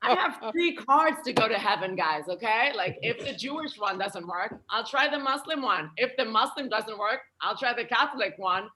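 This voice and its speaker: Stand-up comic, young woman from France, bright high voice, playful. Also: lively intonation, moderate pace, hardly any pauses, slight background noise. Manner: chatty, playful delivery with light laughter. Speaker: stand-up comedian. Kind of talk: stand-up comedy set.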